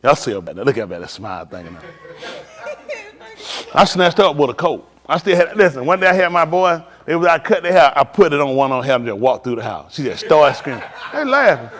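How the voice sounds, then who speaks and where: A man's voice: a little high, big pitch swings, brisk, a bit bright, long reverb tail. A middle-aged man, a preacher, giving casual advice on a live stream, telling stories in vernacular and laughing as he goes.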